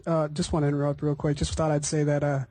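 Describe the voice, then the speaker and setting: A man's voice: a little high, completely flat delivery, quick pace, warm tone, no room sound. A young man chatting casually, sheepish and joking, swearing freely. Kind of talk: casual group chat.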